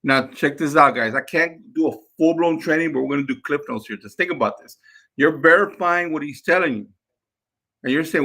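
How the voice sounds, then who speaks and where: A man's voice: on the high side, fairly quick, bright, forceful tone. A man, a real estate investor, coaching his team in a live session, repeating points to drive them home. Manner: repeats words, drills points to his crew.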